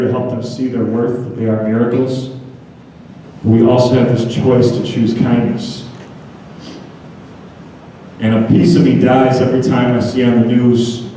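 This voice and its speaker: An American man delivers an earnest motivational talk to schoolchildren, telling stories with animated emphasis. His voice is very dark and mellow. It booms around a large, echoey school gym, recorded from a distance with a faint low rumble behind it. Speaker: motivational speaker. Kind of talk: school assembly speech. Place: school gym or hall, indoors.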